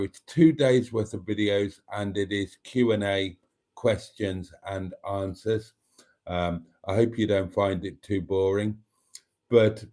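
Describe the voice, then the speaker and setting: A man with a lowish voice chats through his nightly livestream at an unhurried, drawn-out pace. He speaks gently and affectionately, often letting his sentences fade off quietly. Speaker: channel host. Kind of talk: casual nightly livestream chat.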